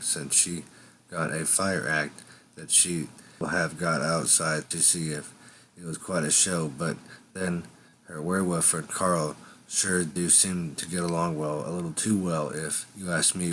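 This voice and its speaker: A man's voice: a bass voice, steady tone, unhurried, fairly bright tone, a little hiss or hum. A man telling an improvised first-person story in a rambling, conversational way. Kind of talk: improvised fiction narration.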